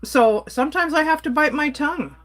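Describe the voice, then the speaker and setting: Woman, from Canada, casual livestream rant, exasperated, blunt, answers chat, slightly high pitch. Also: fairly quick, fairly bright tone. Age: adult.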